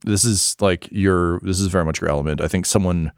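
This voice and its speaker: A man's voice: sits low, steady tone, brisk, clean tone, no echo, clean studio sound. A man narrating as game master, casual and hesitant, with many fillers.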